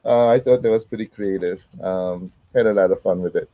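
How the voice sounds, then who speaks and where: A middle-aged man hosting a casual livestream while sick, his voice not fully back, talking haltingly with many ums and uhs and greeting viewers by name. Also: sits low, dry recording, lo-fi sound. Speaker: host.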